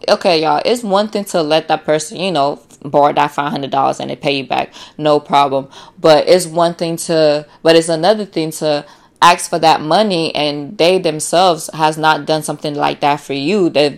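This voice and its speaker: Profane, slangy woman podcaster with a low voice. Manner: profane, animated storytelling with acted-out quotes; slangy, frequent fillers like "like" and "you know". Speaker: podcast host. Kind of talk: casual solo podcast monologue.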